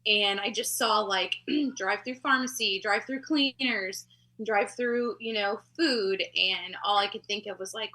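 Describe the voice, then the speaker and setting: A woman's voice: mid-range voice, unhurried, pushed and bright, rough recording. A woman from Texas, the singer-songwriter of a rock band, talking casually in an interview. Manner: chatty, laughs easily.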